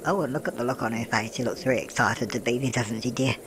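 A man's voice: mid-range voice, fast, noisy background. A man doing a doting old nanna. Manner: calls everyone love, dear and darling, chatty tag questions. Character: doting old grandmother narrator. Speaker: gameplay channel host. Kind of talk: gameplay commentary in a doting granny persona.

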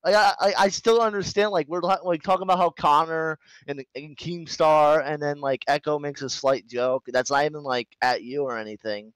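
A man rambling through a grievance on a group call, full of fillers and casual swearing. His voice is a little high for a man. The sound is dry and close. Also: steady tone, moderate pace, few pauses, fairly bright tone, clear, resonant tone, no room sound, rough recording. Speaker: co-host. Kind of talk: heated online group call argument.

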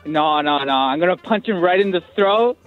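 A man's voice: fairly high pitch, animated, moderate pace, faint music behind. A young man from Canada calling into a show, rambling and boasting in goofy trash talk over a phone line. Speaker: caller. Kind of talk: call-in banter. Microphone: phone call. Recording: lo-fi phone call.

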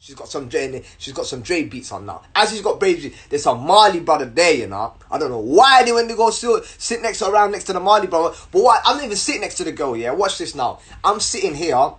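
A young man telling a story to camera in an animated, slangy way, repeating words as he goes. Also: a little high, fast, few pauses. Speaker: vlogger.

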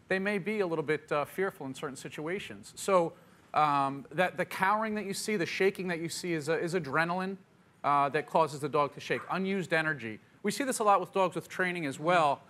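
A man answering audience questions as a pet expert on a TV talk show, upbeat and quick. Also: a little high, fairly bright tone. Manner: upbeat, quick, puts on dog voices in quotes. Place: TV studio with audience.

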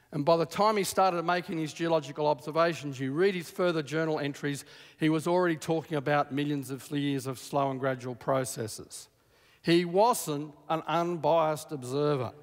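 A man giving a lecture, quoting old sources at length and breaking in with emphatic asides. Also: a little high. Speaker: creationist lecturer. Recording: long hall reverb.

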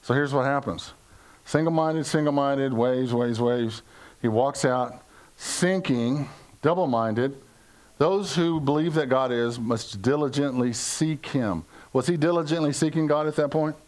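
This older pastor from the US has a mid-range, slightly mellow voice and an unhurried delivery. Preaching conversationally at a church service, he jokes with the congregation, asks them questions, and acts out quotes in playful voices.

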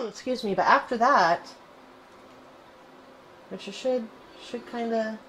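Woman host for casual game commentary, bubbly and chatty, voice sitting a little high. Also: slow, a little hiss or hum, poor audio. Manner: chatty and excitable, cooing to her in-game pet. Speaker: gaming channel host.

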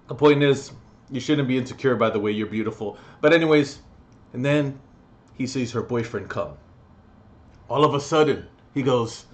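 A young man ranting to the camera in a comedic vlog, sarcastic and profane, talking straight to the viewer with sudden jumps in loudness. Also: normal speed, muffled recording. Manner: loud, sarcastic, swings between mock-low voice and shouting; profane, addresses viewer directly. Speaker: vlogger.

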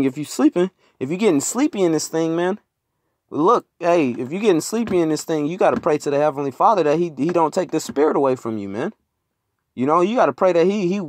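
A man preaches in a loose, conversational way, reading scripture aloud and then riffing on it in slang, dropping "man" after almost every thought. His voice sits a little high for a man. The sound is dry and close, as if recorded on a phone. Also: no room sound. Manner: casual, street-slang preaching, repeats "man" often. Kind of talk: informal sermon with scripture reading. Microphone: phone screen recording.

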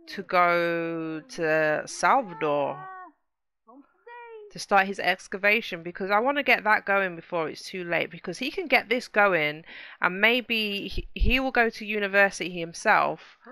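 Woman gamer, chatty and excitable, bright tone, easy slow delivery. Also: medium pitch, clear, resonant tone, dry recording. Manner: chatty, exclaims at the game, talks to viewers. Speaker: gaming channel host. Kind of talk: casual let's play commentary.

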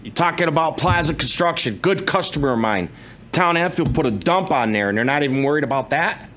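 A man's voice: fairly high pitch, animated, brisk, fairly bright tone, a little hiss or hum. A man, a business owner, angrily complaining at a town commission meeting. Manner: angry, heated complaining. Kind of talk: public comment at town meeting.

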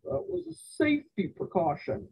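A woman voicing a stern, skeptical frontier father who speaks slowly. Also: high voice, sing-song, gravelly, darkish tone, slight background noise, voice pushed up, full character voice, rough recording. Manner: slow, clipped, stern.

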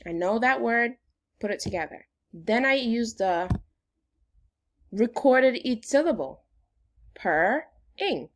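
A woman teacher leads a phonics lesson for young children. Her voice sits at an ordinary middle pitch, and her delivery is upbeat and sing-song, the way a teacher talks to small kids.

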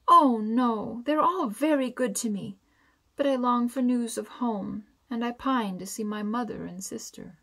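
A woman voicing a sweet, timid young girl in a bedtime storybook, speaking high and soft. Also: sing-song, unhurried, few pauses. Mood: tearful.

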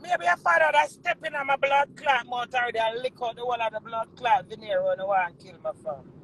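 This angry monologue comes from a Jamaican-accented woman whose heated rant is packed with repeated curses. She talks briskly in a fairly high, fairly bright voice. The rough recording carries a little hiss or hum.

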